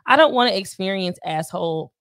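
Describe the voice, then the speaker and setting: A woman's voice: medium pitch, a little fast, dry recording. Chatty woman in her twenties, dry sound. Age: 20s. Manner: chatty, animated, lots of "you know what I mean". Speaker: podcast guest. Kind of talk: casual chat.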